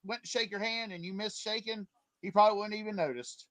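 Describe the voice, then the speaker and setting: A man's voice: high voice, steady tone, quick pace, a bit bright. A man chatting over a video call in a joking, teasing way. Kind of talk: casual livestream chat.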